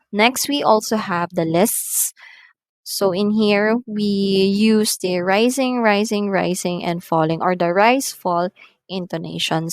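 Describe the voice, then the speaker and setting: A woman English teacher explains intonation at an unhurried pace, pausing between phrases. Her voice sits at a middle pitch and is recorded dry and close. She exaggerates the rises and falls when she reads her example sentences. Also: no room sound. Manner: measured, explanatory, exaggerates rising and falling tones in examples. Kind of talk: slow scripted lesson reading examples.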